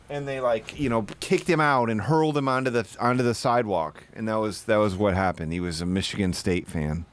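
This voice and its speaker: A man streaming live, telling rambling, profane stories in casual chat and now and then bursting into shouted put-on voices. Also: mid-range voice, moderate pace, dry recording.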